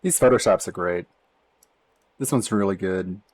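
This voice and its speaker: Streamer guy w a lowish voice, sarcastic, roasting tweets and laughing at them. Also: normal speed, rough recording. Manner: sarcastic, mocking; laughs often between remarks. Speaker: live streamer. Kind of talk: stream commentary reacting to tweets.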